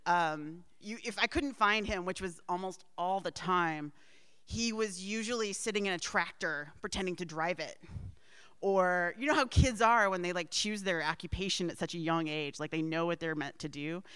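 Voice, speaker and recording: A woman's voice: on the low side, normal speed, fairly bright tone, smooth, dry recording. A middle-aged woman telling a personal family story in a rambling way, with asides and frequent laughs.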